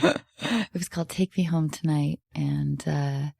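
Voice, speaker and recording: A woman's voice: deep voice, steady tone, unhurried, gravelly, a little mellow. A woman hosting a podcast in a casual chat, rambling with restarts and swearing freely. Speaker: podcast host.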